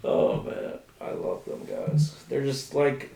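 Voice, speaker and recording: A man's voice: medium pitch, wildly swooping pitch, takes it slowly, vocal fry. A man co-hosting a podcast in a laid-back, slangy manner. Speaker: podcast co-host. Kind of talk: casual chat. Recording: echoey room with loud music playing.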